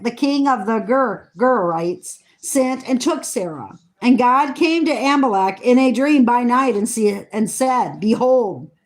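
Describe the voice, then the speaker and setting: A woman slowly reading scripture aloud, earnest, stumbling over hard names and adding eager comments of her own. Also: fairly high pitch. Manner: excited asides about the text. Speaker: Bible reader.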